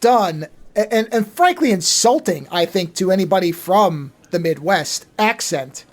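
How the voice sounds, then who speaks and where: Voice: mid-range voice, lively intonation, measured pace. Argumentative podcast co-host. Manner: argumentative, insists on finishing points. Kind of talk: casual chat.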